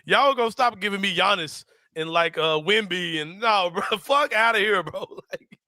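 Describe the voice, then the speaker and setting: Man, sports show host, high voice, dry close mic. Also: moderate pace, dry recording. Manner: loud, laughing storyteller, swears freely. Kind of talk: casual sports chat.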